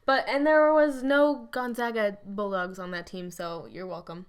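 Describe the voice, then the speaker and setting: A woman's voice: medium pitch, fairly even intonation, moderate pace, smooth. A woman co-hosting a podcast, chatting casually about college basketball in a playful, joking way. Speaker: podcast co-host. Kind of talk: casual sports chat.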